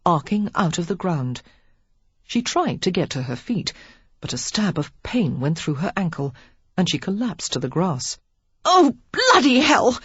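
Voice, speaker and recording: A woman narrating an audiobook with a low, slightly husky voice and lively pitch. Her delivery is expressive and measured, captured dry and a little dull. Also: no echo. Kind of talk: scripted narration.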